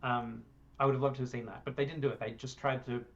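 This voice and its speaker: A man's voice: mid-range voice, level tone, fast talker, muffled recording. A young Australian man co-hosting a casual film review show, rambling and laughing at his own jokes. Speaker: podcast co-host.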